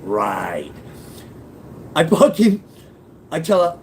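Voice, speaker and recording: In poor audio with a little background noise, a middle-aged man speaks at normal speed in a fairly high voice. He's animated and profane, relating a personal memoir-style story casually and performing the quoted lines of others.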